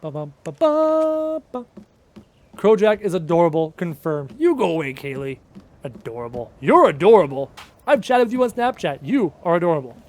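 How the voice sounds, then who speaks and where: A man's voice: fairly high pitch, very animated, fairly quick, a little mellow. A man live streaming a game, chattily reading viewer questions aloud and answering them, humming little tunes to himself in between. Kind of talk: casual live stream Q&A while playing.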